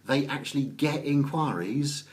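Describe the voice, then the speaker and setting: A man from Oxfordshire with an English accent, chatting casually on a live stream, greeting viewers by name and pausing often with ums. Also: mid-range voice. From England. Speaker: business networking author.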